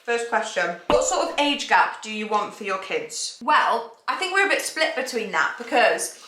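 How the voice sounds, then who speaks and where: A woman's voice: a little high, sing-song, moderate pace, bright, forceful tone. A pregnant woman in her twenties chatting on a sofa while eating, bubbly and chatty. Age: 20s. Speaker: vlogger. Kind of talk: casual chat. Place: living room sofa. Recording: roomy echo, faint noise.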